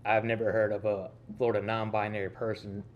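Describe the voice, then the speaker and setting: A man from the American South with a light Southern twang, co-hosting a podcast in easygoing casual chat that often trails off softly. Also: fairly low pitch, level tone, brisk, dull audio. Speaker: podcast co-host.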